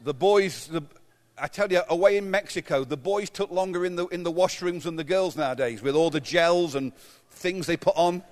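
A man's voice: high-pitched, normal speed. An English man in his fifties preaching a sermon as pastor, telling humorous, self-mocking stories. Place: church. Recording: long hall reverb.

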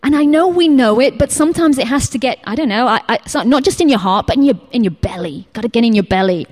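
Animated woman telling church stories. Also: on the high side, quick pace, hardly any pauses. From England. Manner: animated storytelling, acts out quotes, drops to whispers. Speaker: teacher giving a church talk. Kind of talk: informal sermon with personal stories.

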